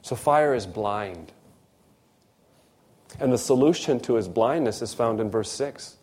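A middle-aged man preaching a sermon, telling a personal story with lively swings between loud emphasis and hushed, quiet asides. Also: mid-range voice, a little slow.

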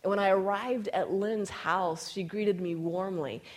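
A woman's voice: medium pitch, steady tone, a little slow. A woman preaching a sermon, telling a personal story and reading scripture aloud with emphasis. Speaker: speaker.

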